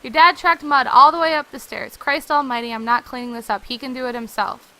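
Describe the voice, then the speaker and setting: A woman reading the lines of a blunt, weary middle-aged mother aloud from a game, with loud exasperated outbursts. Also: high voice, fairly even intonation, fairly quick, low-quality recording. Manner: blunt, exasperated, raises her voice often.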